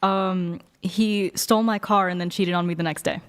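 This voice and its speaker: A woman's voice: fairly low pitch, fairly even intonation, moderate pace, smooth. A young woman guest on a dating talk panel, telling a long personal story in a rambling, casual way with lots of fillers and swearing.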